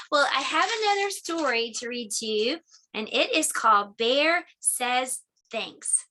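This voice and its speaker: Woman teacher, middle-aged, unhurried sing-song delivery for little kids, bright tone. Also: high voice, animated. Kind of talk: children's circle time and read-aloud.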